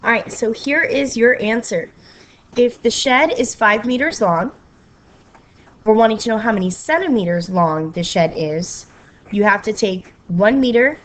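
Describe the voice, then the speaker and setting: Woman teacher, recorded math lesson, unhurried delivery, patient step-by-step explaining, playful sing-song moments. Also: mid-range voice. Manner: slow, patient explaining with frequent okays.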